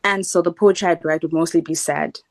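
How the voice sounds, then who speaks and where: Excitable rambling woman, low voice. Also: a little fast, no echo. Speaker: podcast co-host. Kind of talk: casual interview chat.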